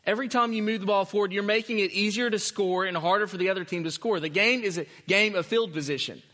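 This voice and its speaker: High-pitched male pastor preaching, emphatic, repeats himself, long echo from a church hall. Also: fast, pushed and bright. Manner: earnest, emphatic, repeats key phrases. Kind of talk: sermon.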